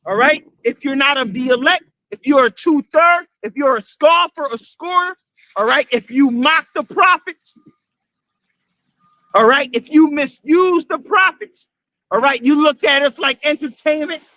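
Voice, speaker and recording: A male street preacher giving a fiery sermon, shouting scripture lines and saying "all right" after nearly every phrase. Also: very high-pitched, unhurried, dry recording.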